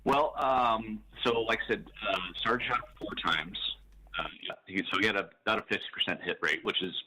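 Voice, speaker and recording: A police officer guest on a radio talk show, telling his story matter-of-factly with dark humor. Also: on the low side, fairly even intonation, fairly quick, rough recording.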